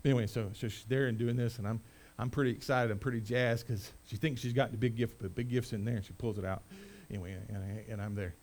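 A middle-aged man delivers a sermon as pastor, at times proclaiming loudly and at times slipping into quiet, conversational asides. His pitch is medium with fairly even intonation, and he talks quickly with hardly any pauses.

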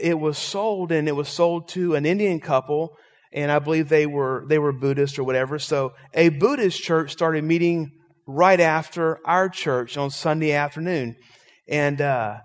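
A man's voice: a little high, in a large hall. A man preaching a sermon as pastor, telling stories and making emphatic points to his congregation. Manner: storytelling, emphatic, animated preaching.

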